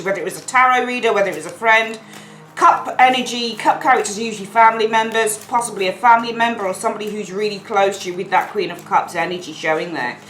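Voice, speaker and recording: Woman doing a tarot reading, chatty and animated, swears a bit, echoey room with faint hiss. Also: a little high. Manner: expressive, chatty, swears casually, acts out card figures. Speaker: tarot reader. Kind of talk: casual weekly tarot reading to camera.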